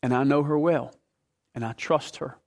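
A man's voice: medium pitch, normal speed. A man in his fifties, a pastor preaching a sermon, building from plain talk into fervent, emphatic questions.

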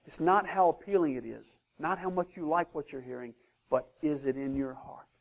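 A man preaching a sermon as pastor of his church, emphatic, swinging between loud declarations and hushed asides. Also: on the high side, normal speed, creaky.

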